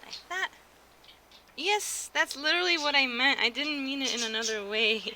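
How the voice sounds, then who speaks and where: A woman's voice: high-pitched, normal speed, bright, forceful tone. A young American woman streaming, chatting casually and giggling, often restarting her sentences. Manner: chatty, giggly, self-interrupting. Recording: clear background noise.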